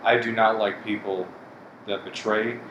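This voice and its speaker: A man in a bitter, profane rant, with a somewhat low voice. He speaks bluntly to his viewers. The room rings with echo, and air conditioning hums steadily behind him. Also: little pitch movement, a little slow, a bit bright, lo-fi sound, slight background noise. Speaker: vlogger. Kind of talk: casual monologue to camera.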